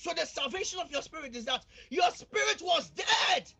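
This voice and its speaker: A male pastor preaching a fervent sermon, repeatedly calling out to the congregation and swinging between shouting and near-quiet. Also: extremely high pitch, lively intonation, normal speed, vocal fry, faint music behind.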